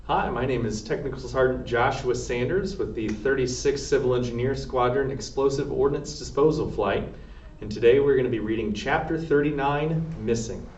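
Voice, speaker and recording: A man reads a children's novel aloud in a steady, plain voice of middle pitch. The sound is roomy and echoing, picked up from some distance. The recording is dull and lo-fi. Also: normal speed. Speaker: storybook reader, air force sergeant.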